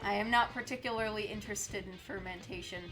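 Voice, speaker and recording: A woman's voice: medium pitch, fairly even intonation, a little fast, over music. Chatty woman streamer reading chat. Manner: chatty, laughs often, reads chat aloud. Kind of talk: casual gameplay stream chat.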